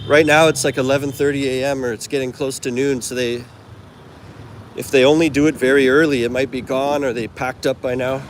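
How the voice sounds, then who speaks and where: A man's voice: mid-range voice, flat delivery, brisk. A man walking through an outdoor street market and chatting to his phone camera in a rambling, casual vlog. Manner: rambling, chatty, self-correcting asides. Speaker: travel vlogger. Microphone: handheld phone. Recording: street noise behind the voice. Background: traffic and street noise.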